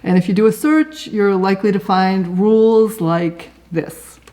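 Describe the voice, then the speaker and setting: A woman's voice: medium pitch, steady tone, unhurried, warm tone. A woman teaching writing in a casual instructional talk, chatting conversationally and asking the listener rhetorical questions.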